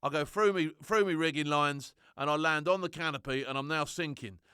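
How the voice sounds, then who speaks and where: A middle-aged man telling animated, slangy stories as a former soldier and laughing often. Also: on the high side, brisk, smooth, no room sound, clean studio sound. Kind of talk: casual anecdote.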